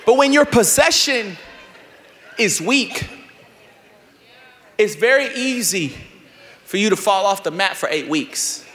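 Animated male pastor in a reverberant hall. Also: sits high, takes it slowly, long pauses. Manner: animated, shouts and laughs, swings from loud to quiet. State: out of breath. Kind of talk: energetic sermon. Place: large church hall. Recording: long hall reverb, faint room ambience.

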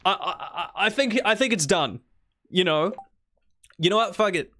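A woman's voice: on the low side, expressive, normal speed, a bit bright. Chatty young woman streamer, mild Kiwi accent. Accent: New Zealand, mild. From New Zealand. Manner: chatty and rambling, teasing chat, with restarts. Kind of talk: casual gaming livestream chat.

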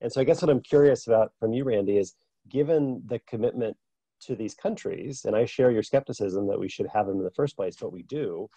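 Man with a dark husky voice, polite. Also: lowish voice, a little fast, no echo. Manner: polite, reframes questions carefully. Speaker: discussant. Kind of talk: academic panel discussion.

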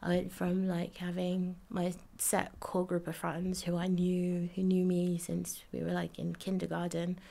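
A woman's voice: lowish voice, monotone, measured pace, creaky, hardly any pauses, dark tone. A woman in her twenties from Jamaica, recalling her childhood in a chatty interview, full of fillers and laughs. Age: 20s. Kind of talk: casual recollection.

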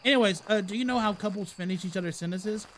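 A game streamer talks through a live ghost-hunting session, chatty and exasperated, mock-cursing at the game and chatting with viewers in the live chat. The voice is medium-pitched, fast and a bit bright, with a little hiss or hum.

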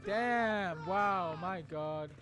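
A young man streaming a video game live, excitedly and breathlessly thanking viewers while laughing between lines. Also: high-pitched, very slow. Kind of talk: live gameplay stream talk. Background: loud game music and gunfire.

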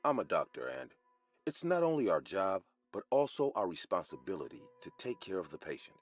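A man giving scripted first-person narration of a hospital horror story, measured and with dramatic pauses. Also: deep voice, very animated, soft background music.

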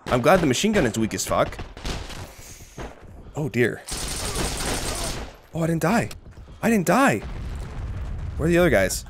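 A young man talks over his own shooter gameplay in a lively, swinging voice, dry and sarcastic one moment and yelping high in panic the next. He swears freely. Faint game noise sits underneath him. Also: a little slow, pauses often. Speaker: gaming commentator. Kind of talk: live gameplay commentary.

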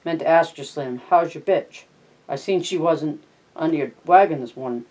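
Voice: medium pitch, moderate pace, a little mellow, natural voice, low-quality recording. A reader voicing a blunt, crude ranch hand.

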